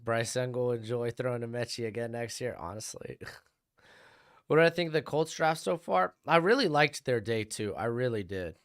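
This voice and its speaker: A young man hosts a live stream from home and chats offhand about each pick while answering questions from his viewers. His pitch swings up and down a lot as he talks. The voice comes through clean and smooth. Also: animated, normal speed. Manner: chatty, answers chat questions, offhand opinions. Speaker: live stream host reacting to draft. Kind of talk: casual live-stream commentary.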